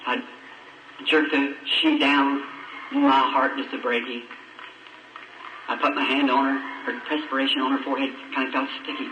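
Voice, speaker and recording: A man's voice: lively intonation, moderate pace, pauses often, noisy background. A man, telling a personal story in a folksy, emotional way. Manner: folksy, emotional, acts out voices in a high pitch. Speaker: preacher. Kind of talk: sermon storytelling. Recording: lo-fi old tape from a far mic, echoey church.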